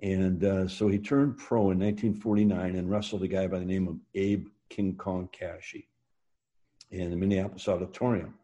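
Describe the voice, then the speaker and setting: A man with a low, deep voice and a mellow, dark tone tells long family stories in a relaxed interview. He rambles, stops to restart his sentences, and fills the gaps with "uh" and "you know.". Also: moderate pace. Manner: rambling anecdotes with frequent fillers and restarts. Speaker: interview guest. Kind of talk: storytelling in a casual interview.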